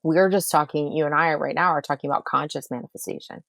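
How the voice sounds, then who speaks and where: A woman with a notably low voice explains her ideas with emphatic repetition. She talks in a relaxed podcast conversation, close to the mic in a dry room. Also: fast, vocal fry, dry recording. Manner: emphatic, repeats phrases for effect. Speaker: manifestation coach and astrologer.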